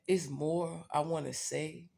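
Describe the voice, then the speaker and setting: A woman's voice: sits low, steady tone, slow pace, gravelly, mellow. A woman vlogger telling a personal story in a blunt, profane, candid way, talking straight to her viewers.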